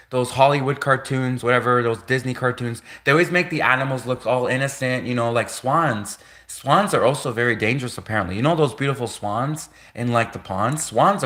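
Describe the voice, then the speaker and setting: A man's voice: medium pitch, fairly bright tone. Rambling, self-amused male live streamer. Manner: rambling and repetitive, laughs at his own jokes. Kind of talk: casual rambling monologue.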